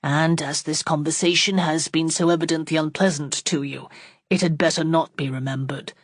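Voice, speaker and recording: Proud young gentleman, read by a woman, formal, measured, low voice, dry. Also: steady tone, dry recording. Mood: cool. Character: earnest young gentleman suitor, proud and cool.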